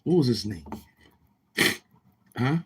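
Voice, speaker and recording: A man's voice: medium pitch, very animated, takes it slowly, dark tone, slight background noise. A man from Brooklyn, hosting a livestream and telling rambling, profane stories while calling out to the chat. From Brooklyn, New York. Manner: rambling, profane, keeps asking the chat questions. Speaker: show host.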